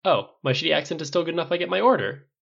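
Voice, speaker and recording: Gangly teen delivery kid, voiced by a man, casual and cheeky, gravelly. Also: fairly high pitch, expressive, racing, fairly bright tone, lo-fi sound, pitched above the performer's own voice, exaggerated voice. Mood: joking. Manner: casual, blunt teasing. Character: gangly nineteen-year-old delivery kid, blunt and joking.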